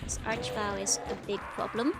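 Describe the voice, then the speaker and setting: A woman's voice: mid-range voice, fairly even intonation, a little fast. A young woman from the Netherlands with a Dutch accent, chatting casually while streaming a game, laughing often and filling her talk with "like". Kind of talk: casual gaming livestream chat. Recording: game music playing behind.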